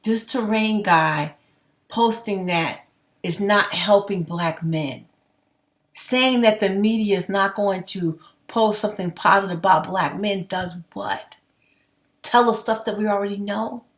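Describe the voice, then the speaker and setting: A woman's voice: medium pitch, unhurried. A young adult woman giving a heated, rambling opinion rant to her viewers, blunt and swearing freely. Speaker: commentary vlogger.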